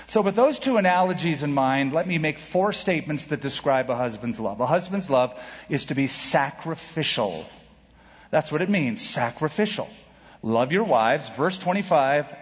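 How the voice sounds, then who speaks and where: Emphatic preacher in a reverberant hall. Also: male voice. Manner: emphatic preaching with dramatic pauses and shifts in pitch. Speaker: pastor. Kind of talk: sermon. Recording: dull reverberant hall recording.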